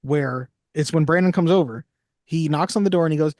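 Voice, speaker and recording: A man's voice: fairly high pitch, a little fast, darkish tone, dry recording, clean studio sound. A man co-hosting a film podcast, chatting casually with a wry, joking manner. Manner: wry, jokey, quotes lines in little voices. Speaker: podcast co-host. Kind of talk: casual chat.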